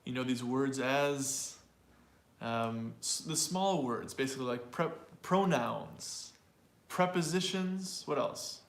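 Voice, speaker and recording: A man's voice: mid-range voice, animated, takes it slowly. Man, pronunciation teacher, live online class, explanatory, repeats himself, roomy echo. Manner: explanatory, repeats and restarts words.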